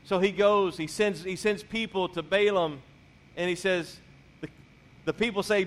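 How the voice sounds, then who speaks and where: A man's voice: high-pitched, animated, a little slow, long pauses. A man preaching a sermon as pastor, retelling a scripture story in casual, storytelling paraphrase.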